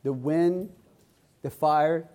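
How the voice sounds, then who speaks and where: A man delivering a sermon to a congregation, his voice sitting a little higher than most men's. He speaks earnestly and with emphasis, stacking repeated phrases into a rising cadence. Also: drawn-out words, dark tone. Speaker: preacher.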